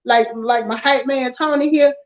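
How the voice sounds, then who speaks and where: A high-pitched woman talks in a relaxed, chatty way. Her voice comes through a dull, lo-fi recording. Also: normal speed. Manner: informal, dialect grammar, chatty. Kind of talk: casual conversation. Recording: dull lo-fi sound.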